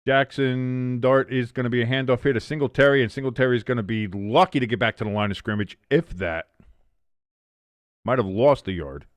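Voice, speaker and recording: A man streaming a casual watch-along, calling the plays live and reading chat aloud, who gets loud and stunned at big plays. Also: medium pitch, a little fast, no room sound. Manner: excitable, shouts in disbelief at big plays, reads chat aloud. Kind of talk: casual live play-by-play commentary.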